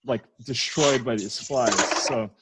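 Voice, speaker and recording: A man's voice: mid-range voice, fairly even intonation, unhurried, background noise. A man from Canada, a podcast guest, chatting casually and rambling through stories with lots of fillers. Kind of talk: casual chat.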